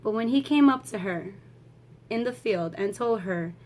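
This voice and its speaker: A woman's voice: mid-range voice, lively intonation, normal speed, darkish tone. A woman giving a casual, emotional movie review vlog, swearing freely and laughing as she talks.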